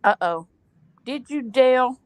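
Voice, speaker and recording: A woman in casual chat with a friend, making quick wry remarks. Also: high voice, animated, no room sound. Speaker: friend co-chatting.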